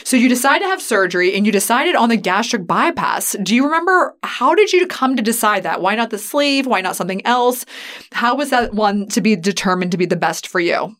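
A woman's voice: medium pitch, animated, fairly quick, fairly bright tone. A woman co-hosting a podcast, asking a guest reflective, empathetic questions. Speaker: podcast co-host. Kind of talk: conversational interview.

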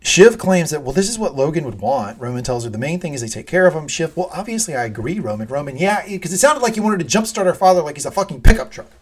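A man's voice: a little high, sing-song, fast, hardly any pauses, husky. A man co-hosting a podcast, animatedly recapping a TV episode, swearing often and acting out the quoted lines. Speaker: podcast co-host. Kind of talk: casual TV recap chat.

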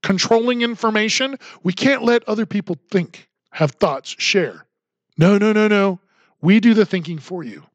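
Man with a high voice, ranting sarcastically through his podcast, dry room. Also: normal speed, dry recording, lo-fi sound. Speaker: podcast host. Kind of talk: solo political commentary podcast.

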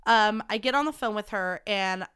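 A young woman hosting a podcast, telling a story in a dramatic, animated way and swearing freely. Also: mid-range voice, moderate pace, clean tone, no echo, studio quality. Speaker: podcast host. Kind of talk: casual storytelling chat.

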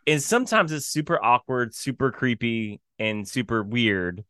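A man's voice: medium pitch, normal speed, smooth, no room sound. Wry Midwestern man, dry close sound. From American Midwest. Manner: relaxed and wry, trails off and drops into a murmur. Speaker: podcast co-host. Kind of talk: casual conversational podcast chat.

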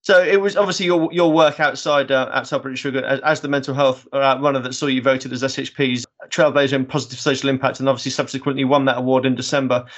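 Man, interviewer, quick talker, supportive questions, slightly muffled lo-fi sound. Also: medium pitch, steady tone, fairly bright tone. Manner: supportive, rambling questions with restarts. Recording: slightly dull lo-fi audio.

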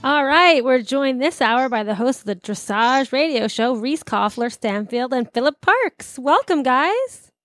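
A woman's voice: high voice, expressive, a little slow, fairly bright tone, dry recording, soft background music. A woman co-hosting a live radio show from a studio, chatting casually and reading out prizes. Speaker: radio co-host.

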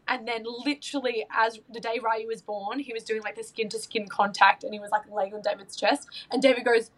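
A woman in her thirties talks in a casual podcast chat, her voice sitting a little high. She gushes and turns emotional, stopping and restarting her sentences with plenty of fillers. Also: steady tone, fast talker, few pauses, fairly bright tone, low-quality recording. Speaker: podcast guest.

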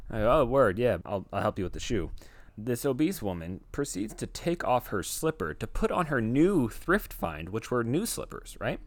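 Laid-back man with a lively voice. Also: medium pitch, no echo. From United States. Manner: laid-back storyteller, drawn-out comic anecdotes. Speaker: podcast co-host. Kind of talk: casual podcast chat.

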